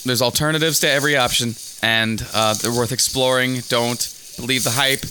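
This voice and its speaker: A man co-hosting a casual chat, delivering absurd suggestions in a deadpan, mock-serious way. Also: mid-range voice, moderate pace, a crowd in the background. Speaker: podcast co-host.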